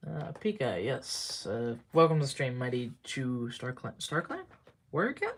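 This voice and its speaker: A man chatting casually on a live stream, rambling and halting, muttering to himself and trailing off between thoughts. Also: mid-range voice, sing-song, creaky. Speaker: livestreamer.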